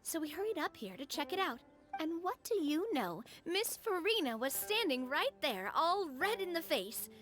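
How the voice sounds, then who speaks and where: A woman's voice: very high-pitched, big pitch swings, normal speed, fairly bright tone, full character voice. A woman playing a cheerful, outgoing young woman who talks in a breezy, encouraging way. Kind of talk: game dialogue voice acting. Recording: game cutscene with faint music.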